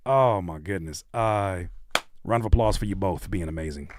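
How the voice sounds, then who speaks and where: A man hosting a casual music livestream, joking in slangy, animated talk and slipping into mock voices. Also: deep voice, normal speed, a crowd in the background, noisy background. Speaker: livestream host reacting to music.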